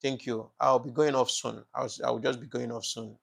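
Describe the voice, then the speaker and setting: A man talks to viewers on a live broadcast, his voice rough with gravel at a middling pitch. He thanks people by name over and over, stumbles through fillers, and turns preachy and fervent about politics. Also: flat delivery, normal speed. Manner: passionate, preachy political commentary. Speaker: live-stream host. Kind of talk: casual live broadcast chat.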